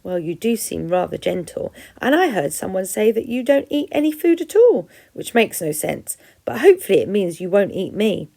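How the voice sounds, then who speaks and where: A woman's voice: medium pitch, very animated, moderate pace, gravelly, few pauses, mellow. A woman reading aloud and voicing a theatrical, chatty female opossum who loves performing. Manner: gushing, dramatic.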